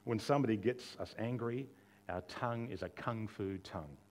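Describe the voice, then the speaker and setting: Here a male pastor, his voice on the low side, preaches at a normal pace in a chatty, conversational manner. Rhetorical questions, light humor, and acted-out quoted dialogue run through his sermon.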